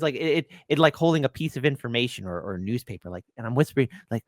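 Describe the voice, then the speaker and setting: A male show host riffing playfully on the news and giving shout-outs to fans. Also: medium pitch, lively intonation, very fast, hardly any pauses, no echo, clean studio sound. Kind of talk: casual political commentary.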